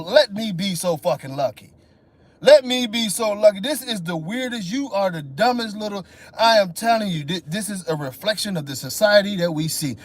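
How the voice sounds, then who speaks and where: High-voiced guy w/ black ranting and cussing on a livestream, mocking everybody. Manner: profane, mocking, animated rant. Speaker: livestream host. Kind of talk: ranting live stream.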